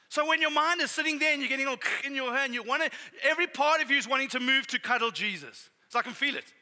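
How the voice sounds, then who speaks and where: High, bright-voiced man preaching animatedly. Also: quick pace, few pauses. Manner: animated, exclaiming. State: out of breath at times. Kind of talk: sermon. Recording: reverberant hall.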